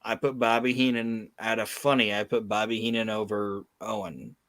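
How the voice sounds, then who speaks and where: A man's voice: fairly low pitch, steady tone, moderate pace, fairly bright tone, dry recording. A man hosting a podcast, telling a story in a profane, emphatic casual chat. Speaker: podcast host.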